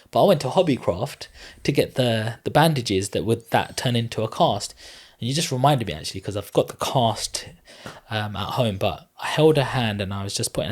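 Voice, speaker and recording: A man's voice: lowish voice, breathy edge. A man in his thirties, a podcast guest telling an emotional personal story in an earnest, heartfelt, rambling way. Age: 30s.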